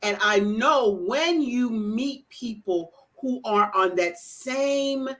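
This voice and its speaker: Emphatic woman speaking slowly. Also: a little high, fairly bright tone. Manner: emphatic, deliberate, drawn-out phrasing. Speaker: event organizer. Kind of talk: talk show conversation.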